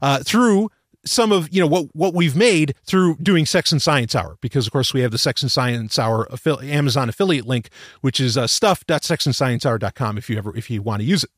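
A man's voice: mid-range voice, animated, fast talker, no room sound, clean studio sound. A man hosting a podcast, telling a rambling story with lots of restarts and the odd swear word. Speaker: podcast host. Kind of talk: casual storytelling monologue.

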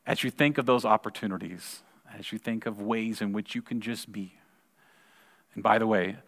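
A man in his forties giving a sermon, telling a personal story in a conversational way and repeating words when excited. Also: fairly low pitch, moderate pace. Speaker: pastor. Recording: long reverb of a large hall.

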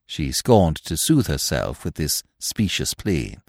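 Guy reading an old novel aloud, super expressive, voice jumps all over, dead dry mic. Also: very deep voice, takes it slowly, no room sound. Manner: lively, expressive storytelling. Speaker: narrator. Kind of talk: scripted narration of a classic novel.

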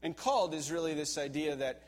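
A middle-aged man preaching a sermon, telling a personal story in a conversational way and getting animated as he relives a tense moment. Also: on the high side, brisk. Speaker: pastor.

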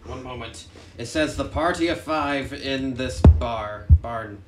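A man's voice: mid-range voice, slow, over loud music. A man playing a tabletop game, talking in a playful, hammy way. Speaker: player. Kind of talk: casual tabletop play. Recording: roomy, distant mic with faint noise.

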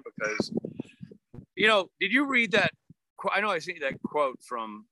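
Bright, lively-voiced man chatting. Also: a little high, low-quality recording. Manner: playful, teasing, halting restarts. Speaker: podcast co-host. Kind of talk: casual chat.

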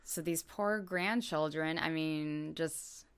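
A woman hosting a podcast, telling a true crime story in a relaxed, casual way with lots of fillers and asides. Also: low-pitched, takes it slowly, clear, resonant tone.

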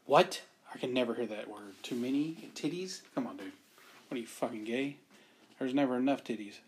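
A man in his thirties, crude and teasing, co-hosting a casual podcast. His pitch sits in an ordinary middle range. A faint hiss runs under the recording. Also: fairly quick. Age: 30s. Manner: crude, teasing, swears a lot. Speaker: podcast co-host. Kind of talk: casual chat.

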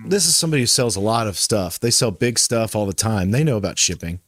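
A man's voice: fairly low pitch, expressive, fast, no echo, studio quality. A man hosting a retro tech podcast, chatting casually and often restarting his sentences. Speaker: podcast host. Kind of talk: casual chat.

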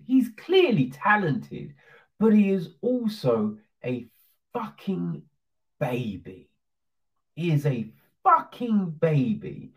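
A commentator delivering a profane, sarcastic, heated opinion rant. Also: mid-range voice. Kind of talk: ranting opinion monologue. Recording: distant dull lo-fi sound.

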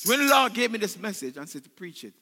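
High, bright-voiced pastor preaching in a church hall. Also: male voice, big pitch swings, quick pace, faint music behind. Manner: call-and-response preaching, swinging from shouts to hushed tones. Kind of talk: sermon. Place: church sanctuary.

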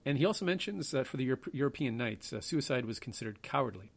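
A male podcast host chatting casually at a middling pitch. He rambles, hedges and tosses in self-deprecating asides. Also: expressive, fast, creaky. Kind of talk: casual history podcast talk.

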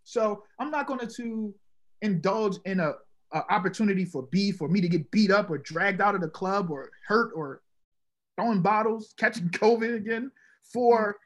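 A man with a high, husky voice speaks as a podcast guest, telling stories in an animated way. His voice has a breathy rasp to it, and he jumps into character when he quotes people in his stories. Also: normal speed. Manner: animated, acts out quoted dialogue. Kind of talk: casual conversational storytelling.

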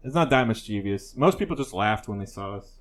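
A young man hosts a casual podcast chat, loosely telling prank stories with lots of swearing and frequent laughter. His voice is lowish, animated, and a little fast.

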